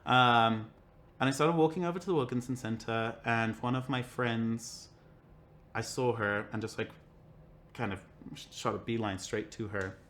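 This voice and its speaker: A man's voice: mid-range voice, normal speed, a little hiss or hum. Young man telling a story, full of fillers. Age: young adult. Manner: animated, acts out quoted voices, many "like" fillers. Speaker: guest. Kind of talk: casual conversational storytelling.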